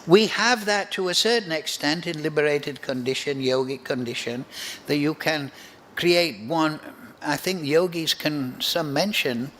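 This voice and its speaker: A man teaching a devotional scripture class, his voice sitting a little high for a man. He speaks very slowly and deliberately, leaving room between phrases. A faint hum of background noise lies under the recording. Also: fairly bright tone. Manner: slow, deliberate, reflective. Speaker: spiritual teacher.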